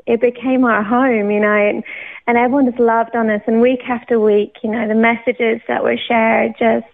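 A woman's voice: a little high, little pitch movement, moderate pace, vocal fry. A woman from England sharing her personal faith testimony, emotional and often laughing as she speaks. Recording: tinny phone-like sound.

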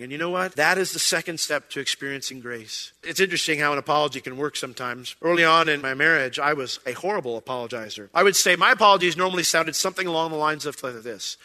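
Male pastor, conversational sermon, somewhat high, very bright forceful tone. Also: fast talker, few pauses, in a large hall. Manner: conversational, acts out quoted voices.

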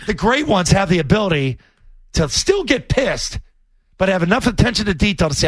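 A man co-hosting sports radio talk as a former quarterback, blunt and animated, swearing casually. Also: high voice, fairly quick, slightly rough, dry recording.

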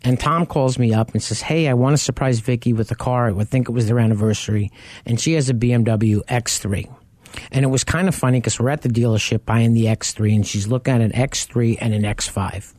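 A man's voice: medium pitch, fairly quick, darkish tone, dry recording. Guy co-hosting a car talk show, tells stories, dry studio sound. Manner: storytelling, acts out quoted people. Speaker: co-host. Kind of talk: casual radio talk show chat.

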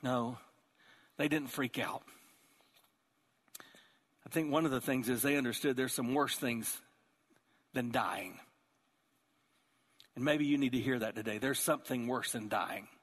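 A man preaching a sermon as pastor, telling the story with animated, acted-out voices. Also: mid-range voice, measured pace, long pauses, breathy edge, big-room sound. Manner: animated storytelling, acting out characters.

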